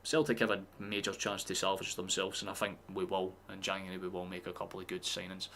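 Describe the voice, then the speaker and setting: A man's voice: sits low, little pitch movement, quick pace, a bit bright, a little hiss or hum. A man streaming a live football watchalong, chatting casually and swearing freely as he reacts to the match.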